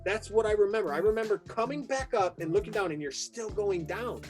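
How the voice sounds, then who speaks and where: A man hosting a casual talk show, retelling a story in a lively, excitable way and acting out what people said. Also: high-pitched, fairly quick, faint music behind. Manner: excitable, vivid retelling with acted-out quotes. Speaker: podcast host. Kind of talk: animated storytelling in casual conversation.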